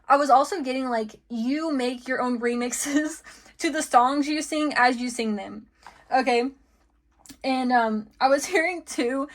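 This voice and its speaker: A woman's voice: high voice, normal speed, a bit bright. A woman giving a casual tarot reading, chatty and giggly, full of fillers and friendly asides. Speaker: tarot card reader.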